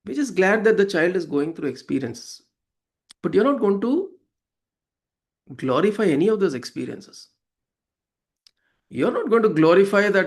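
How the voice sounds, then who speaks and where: Guy explaining spiritual verses, kinda high voice, chatty, keeps asking "right?". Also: sing-song, normal speed, vocal fry, long pauses. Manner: conversational, acts out quoted voices, asks listeners "right?". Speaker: spiritual teacher. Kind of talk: devotional talk explaining verses.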